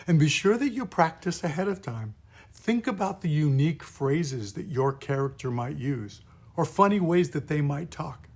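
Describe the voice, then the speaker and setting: A man, a pastor, teaching puppet voices in a gentle, patient, step-by-step lesson. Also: fairly high pitch. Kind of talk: instructional video lesson.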